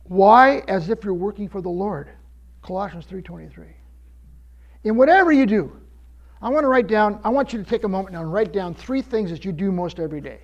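High-voiced pastor preaching with stammers. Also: male voice, fairly quick, highs cut off. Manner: stammering restarts, preacherly emphasis. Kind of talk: sermon.

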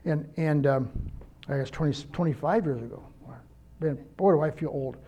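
A man's voice: fairly high pitch, normal speed, warm tone. An older man preaching a conversational sermon, earnest and personal, telling stories to make his point. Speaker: pastor.

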